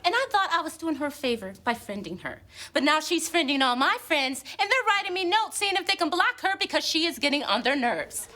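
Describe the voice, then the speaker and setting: A shrill, ranting friend. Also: female voice, very animated, fairly quick, pushed and bright, heavily acted. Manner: indignant, ranting complaints. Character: exasperated sassy woman fed up with a pest. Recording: sitcom soundtrack with audience laughter.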